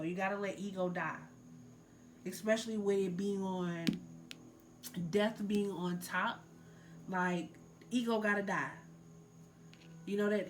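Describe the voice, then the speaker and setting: A woman talks through a tarot reading in a loose, filler-heavy way, earnestly pressing her listeners to let things go. Her voice sits at an ordinary middle pitch. A faint hiss runs under the recording. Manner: loose and filler-heavy, many likes and ums. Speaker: tarot reader. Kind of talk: casual spiritual tarot reading.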